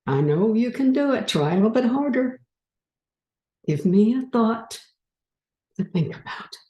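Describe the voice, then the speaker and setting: A woman giving a spiritual talk and leading her audience through a guided exercise, gently coaxing and unhurried. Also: on the high side, expressive, echoey room, muffled recording. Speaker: speaker leading a group exercise.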